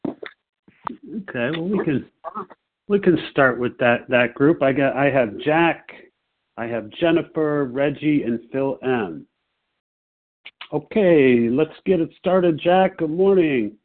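Man, relaxed meeting chair, tinny call audio. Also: on the high side, takes it slowly, long pauses. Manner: relaxed, friendly, jokey. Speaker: meeting leader.

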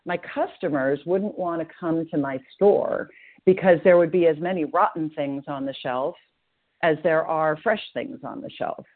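An earnest, measured voice of middle age, speaking at a recovery meeting over a tinny, narrow phone line. The pitch sits at a middle height. Passages from a book are read aloud between thoughtful personal reflections.

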